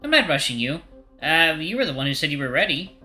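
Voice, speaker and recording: A man voicing a calm young man who talks gently and reassuringly. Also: on the high side, quick pace, faint music behind, pitched above the performer's own voice, exaggerated voice. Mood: gentle.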